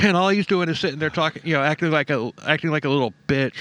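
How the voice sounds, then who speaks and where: A man's voice: fairly high pitch, quick pace, fairly bright tone. Joking male true-crime podcast host. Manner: joking, sarcastic, laughs often.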